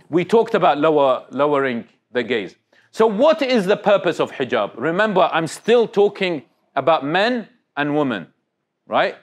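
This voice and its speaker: A man giving an interactive religious talk to young people, speaking conversationally, questioning the audience and restarting his sentences. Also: a little high. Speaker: Islamic speaker.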